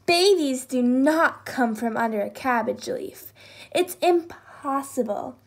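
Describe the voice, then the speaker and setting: A woman's voice: high voice, lively intonation, slow, creaky, exaggerated voice. A woman voicing a giggly, confident lion in a children's story. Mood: teasing.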